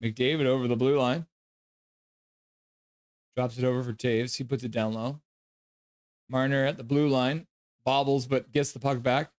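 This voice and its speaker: A man with a voice pitched right in the middle of the male range, talking casually through a live hockey stream. He calls the action in short, clipped phrases and drops loose asides between the plays. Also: fairly even intonation, a little mellow, no room sound, clean studio sound. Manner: quick clipped play calls mixed with offhand chat remarks. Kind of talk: casual live play-by-play commentary.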